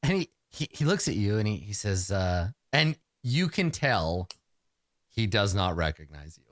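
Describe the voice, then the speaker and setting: A man narrating a tabletop game as game master, telling the scene in a chatty, animated way. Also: fairly low pitch, unhurried, dry recording, clean studio sound.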